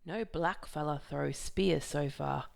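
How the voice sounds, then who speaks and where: A woman's voice: low-pitched, slow pace, creaky, heavily acted. A woman reading aloud, voicing a terse, solemn old man who speaks in clipped, short phrases.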